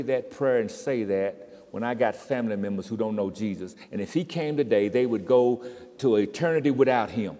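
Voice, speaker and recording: A man preaching a sermon, swinging from quiet storytelling to loud, impassioned crescendos. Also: medium pitch, animated, normal speed. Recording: reverberant hall.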